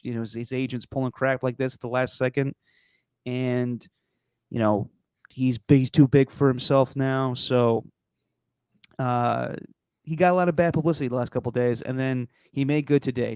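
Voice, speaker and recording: A male podcast host who talks sports in a frank, opinionated way and swears casually. His voice is gravelly yet smooth and clear, at a middle pitch, and the close mic sounds dry and free of room echo. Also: a little mellow.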